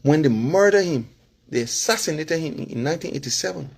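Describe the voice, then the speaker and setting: Husky Liberian man, animated rant. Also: fairly high pitch, fast. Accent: Liberian English. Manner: animated, punctuated by "you understand?" and chuckles. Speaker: political vlogger and former candidate. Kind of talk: casual monologue to followers.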